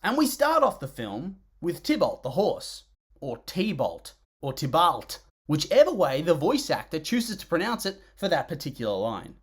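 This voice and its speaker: A film reviewer delivers scripted comedic narration, dripping with sarcasm and exasperation. The voice swings widely up and down in pitch for emphasis, punctuated by disgusted groans and sighs. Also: huge pitch swings, normal speed, hardly any pauses, breathy edge.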